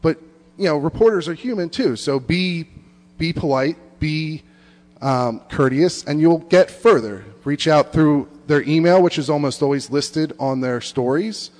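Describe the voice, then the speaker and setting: A man giving an earnest advice speech to an audience, halting and restarting his phrases. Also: medium pitch, a little mellow. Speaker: conference speaker. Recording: long hall reverb.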